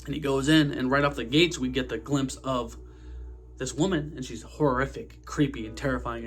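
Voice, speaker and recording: A young man hosting a casual movie review vlog, slangy, energetic and profane. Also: mid-range voice, normal speed. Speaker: host of a movie review channel.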